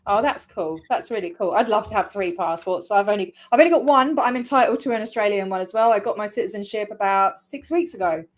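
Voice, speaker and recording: A woman's voice: medium pitch, fast, few pauses. A woman from Scotland who now speaks with an English accent, hosting a casual video interview in a chatty, rambling way with frequent laughter. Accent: English, faded Scottish. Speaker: host.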